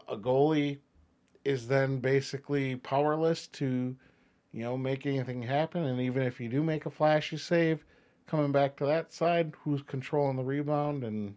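A man's voice: mid-range voice, darkish tone. A man co-hosting a casual sports podcast, reading listener questions and laughing often at himself. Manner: laughs a lot, self-mocking.

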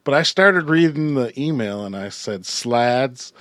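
A man hosts a laid-back sports podcast, rambling through stories with plenty of fillers and easy laughter. His voice sits at an ordinary middle pitch. The sound is dry and close to the mic. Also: lively intonation, moderate pace, fairly bright tone, no room sound. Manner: chatty, laughs often, many fillers. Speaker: podcast host. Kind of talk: casual sports podcast chat.

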